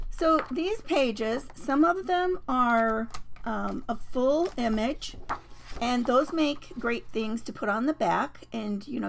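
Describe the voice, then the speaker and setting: A woman hosting a papercraft live stream, chatting casually and rambling with many fillers and restarts, her voice a bit croaky. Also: on the high side, a little hiss or hum. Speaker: host of a papercraft livestream.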